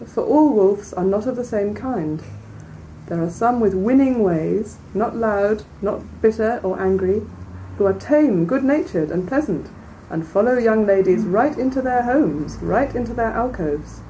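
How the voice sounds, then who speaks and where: A woman reading a classic fairy tale aloud in a measured, clear way, then commenting on it as a lecturer. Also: mid-range voice, animated, mellow. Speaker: reader and lecturer. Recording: distant mic, faint background noise.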